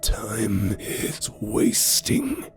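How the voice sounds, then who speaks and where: A man voicing an ancient, sinister male spirit that speaks through corpses, in a slow, menacing whisper over faint music. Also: on the low side, huge pitch swings, voice pushed up, heavily acted. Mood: mocking.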